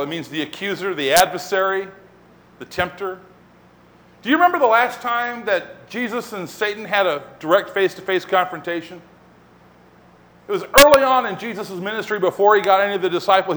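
A man preaching a sermon as pastor, telling the story in an animated way and acting out scenes. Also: sits high.

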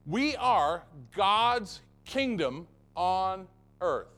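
A man's voice: sits high, lively intonation, drawn-out words, a bit bright. A man preaching a sermon as pastor of his church, emphatic and fond of repeating phrases for effect.

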